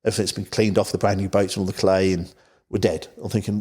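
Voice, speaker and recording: A man chats as a podcast guest, his voice sitting low. He tells his story loosely and packs it with "you know" asides. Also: flat delivery, fast talker, dark tone, breathy edge. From England, Isle of Wight. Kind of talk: casual storytelling chat.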